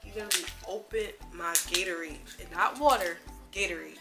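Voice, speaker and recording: A young woman vlogger telling a storytime in an animated, slangy way, acting out the other people's lines as she goes. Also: lowish voice, fairly quick, over music. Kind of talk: casual storytime.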